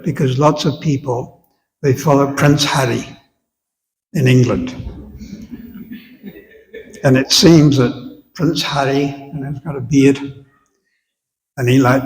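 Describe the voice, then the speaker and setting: Slow-spoken man lecturing in a reverberant hall. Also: mid-range voice. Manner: unhurried, conversational, asks the audience questions. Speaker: visiting spiritual teacher. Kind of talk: devotional lecture to a congregation. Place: temple hall with long reverb.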